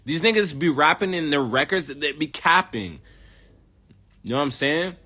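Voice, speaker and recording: A man's voice: fairly high pitch, animated, normal speed, sharp tone. A young man from the United States ranting in a casual, rambling, heavily profane way. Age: young adult. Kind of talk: casual rant.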